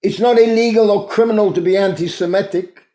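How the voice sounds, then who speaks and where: A man's voice: high-pitched, steady tone, brisk, mellow. A man hosting a daily talk, telling a moral story in an earnest, emphatic way. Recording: roomy echo.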